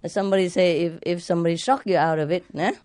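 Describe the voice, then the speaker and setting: A woman's voice: fairly low pitch, steady tone, fast talker, darkish tone, dry recording. A spiritual teacher, a woman, chatting casually with a group in non-native English phrasing, laughing often and playfully imitating sounds. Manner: laughs often while talking.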